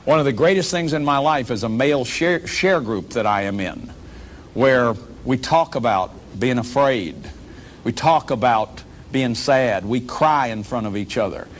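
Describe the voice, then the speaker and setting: A man's voice: mid-range voice, unhurried, slight background noise. A man giving a public lecture as a workshop leader, earnest and emphatic, often repeating words as he restarts.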